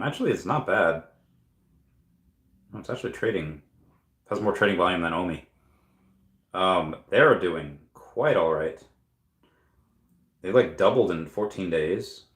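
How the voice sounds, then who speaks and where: A man with a lowish voice chats loosely through a livestream, reading out viewer comments and musing aloud. He pauses often with ums and uhs. His voice rings a little in a room with noticeable echo. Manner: rambling, thinking aloud with many fillers. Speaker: crypto livestream host. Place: room at home at night.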